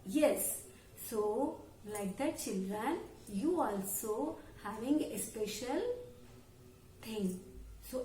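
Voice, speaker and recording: A woman with an Indian English accent teaching young children a lesson in a slow, exaggerated storytelling manner. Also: on the high side, darkish tone, roomy sound, slight background noise.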